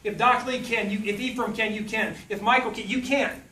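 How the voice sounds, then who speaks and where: A high, bright-voiced man with a drawl delivers a folksy, joking motivational talk. He is picked up from a distance in a reverberant hall, with a faint murmur of the room behind him. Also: fairly even intonation, brisk, slight background noise. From South Louisiana. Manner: folksy, humorous, puts on voices when quoting. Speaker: motivational speaker. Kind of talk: motivational speech with storytelling. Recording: echoey hall from far off.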